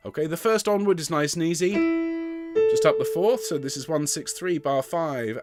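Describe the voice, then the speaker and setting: A man's voice: fairly high pitch, lively intonation, moderate pace. A man leading an online choir rehearsal, encouraging and chatty, counting the singers in and singing phrases to demonstrate. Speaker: choir director. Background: piano.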